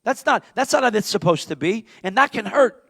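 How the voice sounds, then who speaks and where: Gravelly high-voiced male pastor preaching. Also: lively intonation, fairly quick, no room sound. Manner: impassioned, swings from shouting to near-whispers. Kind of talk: sermon.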